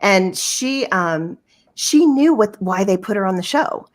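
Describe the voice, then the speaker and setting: Animated woman telling stories. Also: medium pitch, a little slow. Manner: animated storyteller, acts out quotes; emphatic, lots of fillers and restarts. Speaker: podcast guest. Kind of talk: casual chat.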